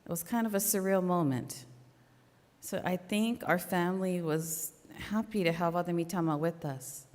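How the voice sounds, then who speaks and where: A woman's voice: on the low side, normal speed, darkish tone. Earnest woman speaking in a reverberant hall. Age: middle-aged. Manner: earnest, conversational, with restarts. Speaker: church member giving a talk. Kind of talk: personal faith talk at a memorial service. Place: church hall.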